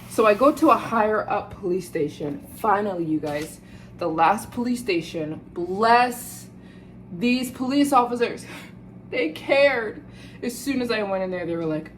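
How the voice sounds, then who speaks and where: An American woman vlogging to her viewers, telling a story in a lively, indignant way and often calling out to "you guys.". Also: a little high, a little slow, a little hiss or hum, rough recording. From United States. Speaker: travel vlogger. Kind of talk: casual storytelling to camera.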